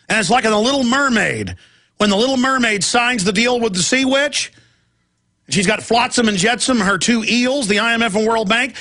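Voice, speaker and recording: A man's voice: high voice, sharp tone. A middle-aged man hosting a talk radio show, delivering an impassioned, ranting monologue and mimicking opponents' voices. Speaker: radio host.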